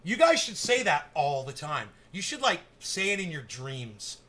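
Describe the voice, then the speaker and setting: A man hosting a live cannabis stream, ranting and swearing heavily, moving between low muttering and loud, excited outbursts. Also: measured pace. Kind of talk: profane ranting live show chat.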